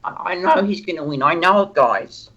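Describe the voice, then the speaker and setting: A man's voice: high voice, lively intonation, moderate pace, a bit bright, highs cut off. Man putting on a stammering nasal cartoon guy. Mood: earnest stammering. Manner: stammering, sheepish rambling. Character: bumbling nasal cartoon man, disgraced doctor. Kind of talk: improvised character voice on a stream.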